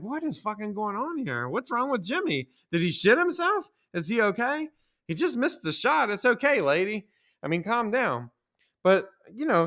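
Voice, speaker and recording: Man, podcast host, casual rambling monologue, crude sarcastic humor, bright tone. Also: on the high side. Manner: profane, rambling and sarcastic, with mocking put-on voices.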